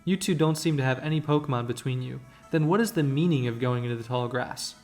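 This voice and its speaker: A man voicing a stern, measured older male professor in a video game, reading his lines in a grave, deliberate way. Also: mid-range voice, a little mellow, faint music behind, lightly acted.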